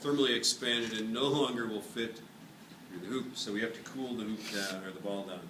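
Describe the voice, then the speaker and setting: A man teaching physics to a class, running a hands-on demonstration in a lively, joking way. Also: fairly low pitch, fairly quick. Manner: playful, jokey, energetic demonstrator. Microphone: camera at a distance. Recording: echoey classroom from far off, noisy.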